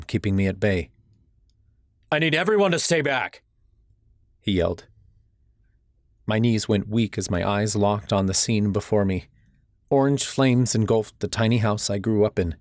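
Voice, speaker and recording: A man's voice: fairly low pitch, a little mellow, no echo, clean studio sound. A man narrating a first-person audiobook in a tense, urgent storytelling manner.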